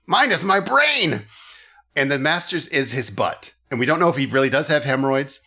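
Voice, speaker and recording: Casting: male podcast host, bright clear tone, loose comedic recap with quick character voices. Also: medium pitch. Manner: acts out movie characters in quick silly voices. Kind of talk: casual comedic chat.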